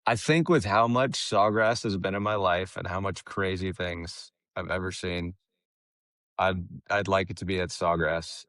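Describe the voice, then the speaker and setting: A young man with a low, deep voice recounts a story in a casual podcast chat. He is animated, laughs often and restarts his phrases. The sound is dry and close. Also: a little slow, dry recording. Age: young adult. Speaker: caddie, podcast guest.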